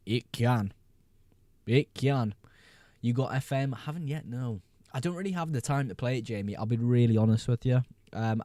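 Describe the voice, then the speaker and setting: A man hosting a casual fantasy football live stream, reading viewer questions aloud, answering them quickly and laughing often. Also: mid-range voice, dark tone, no echo.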